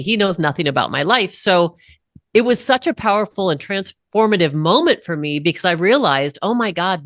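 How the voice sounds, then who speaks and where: A woman from Colorado, a podcast guest telling a personal story in an earnest, unhurried way with emphatic pauses. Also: on the low side, fairly bright tone, no echo, clean studio sound. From Colorado, USA.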